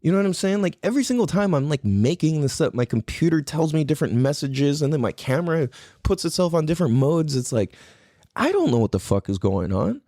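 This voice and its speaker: Male podcast host from California, mellow, dry close sound, loose rambling delivery, lots of cursing. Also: on the high side, very animated, brisk, dry recording. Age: adult parent. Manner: rambling, heavy swearing, frequent fillers. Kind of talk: casual solo podcast monologue.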